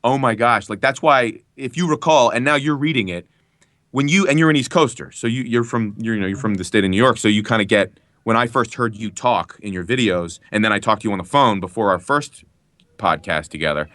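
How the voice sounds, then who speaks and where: A man voice actor from Philadelphia, chatting in a podcast interview, animated and quick to laugh, with a mostly neutral American accent. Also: on the low side, dry recording, studio quality. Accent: trained-out Philadelphia, standard American Midwestern style. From Philadelphia area. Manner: animated storyteller, laughs often, quick asides. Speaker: guest voice actor. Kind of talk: casual podcast chat.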